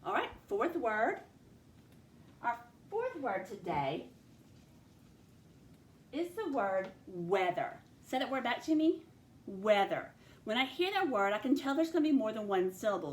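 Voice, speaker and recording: A woman teaching a spelling lesson, speaking slowly and clearly and sounding out each letter and syllable. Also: fairly high pitch, sing-song. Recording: echoey room with faint ambient noise.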